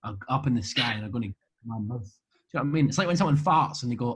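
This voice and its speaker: A man's voice: medium pitch, animated, rapid-fire, breathy edge, poor audio. A man with a Scottish accent, answering fan questions over a video call in a rambling, jokey, self-deprecating way. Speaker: interview guest. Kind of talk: rambling casual chat. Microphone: video call webcam.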